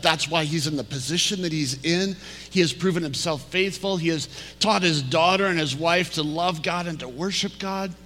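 A male pastor preaching a storytelling sermon, slowing down and dropping to a hush for emphasis. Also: on the high side. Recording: reverberant hall.

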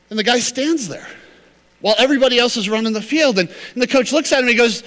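A man preaching a sermon as pastor, telling a story with animated, acted-out quotes. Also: extremely high pitch, fast talker, long reverb tail.

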